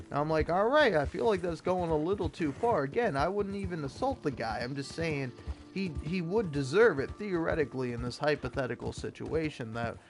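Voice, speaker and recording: A young man giving a sarcastic, profane rant while reading an article aloud. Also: a little high. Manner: profane, sarcastic, exasperated ranting. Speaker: gaming video creator. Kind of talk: ranting commentary reading an article.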